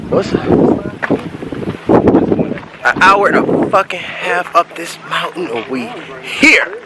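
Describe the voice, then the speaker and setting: A male vlogger chatting casually outdoors on a mountain trail, excited and slangy. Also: sits high, slow pace. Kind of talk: casual chat. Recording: loud wind noise on the mic.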